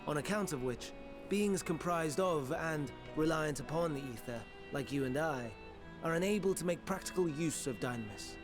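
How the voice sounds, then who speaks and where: A man voicing a measured, archaic-spoken fantasy scholar. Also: a little high, lively intonation, over music, close to an everyday voice. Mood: calm lecturing. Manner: formal archaic, measured explanation. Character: scholarly male sage in a fantasy game. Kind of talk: game cutscene voice acting.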